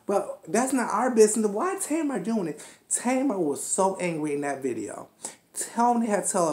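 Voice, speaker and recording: A woman in her twenties ranting about a TV episode in a brash, profane, animated way. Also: mid-range voice, normal speed. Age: 20s. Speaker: reality show recap host. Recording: echoey room.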